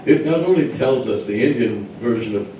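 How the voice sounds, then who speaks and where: A man's voice: medium pitch, lively intonation, fairly quick, mellow, a little hiss or hum. A man speaking at a church service and telling an old legend in a folksy, digressive way. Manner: folksy and digressive, many uh fillers. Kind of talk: sermon storytelling. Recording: very echoey church hall, mic far off.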